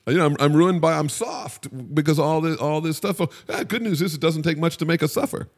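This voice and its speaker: Slightly high and slightly fast, a middle-aged man's voice carries a casual podcast chat where he serves as co-host. He's wry and digressive, frequently interrupting himself to start a thought over.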